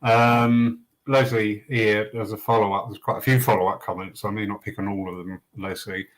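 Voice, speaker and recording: A man hosting a casual discussion, reading out comments and telling lively anecdotes with the odd mild swear. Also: fairly low pitch, normal speed, rough recording. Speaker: host reading viewer comments. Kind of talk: casual chat.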